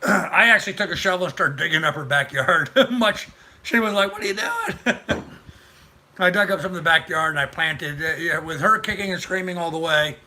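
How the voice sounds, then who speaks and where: A man's voice: fairly high pitch, brisk, pushed and bright, slight background noise. An older man hosting a casual live stream, rambling and chatty as he greets viewers by name. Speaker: livestream host.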